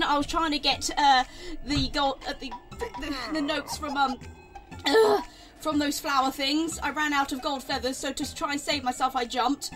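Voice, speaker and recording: Playing a video game, this woman rambles excitedly through casual let's play commentary, frequently exclaiming and repeating herself. Her voice sits high.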